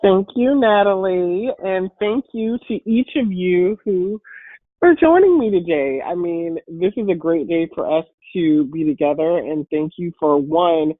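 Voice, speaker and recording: A woman with a deep voice, congested and a bit hoarse from a cold, giving an upbeat, encouraging webinar talk as a guest speaker. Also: measured pace, dry recording. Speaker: guest speaker and patient advocate. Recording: phone-like online call audio.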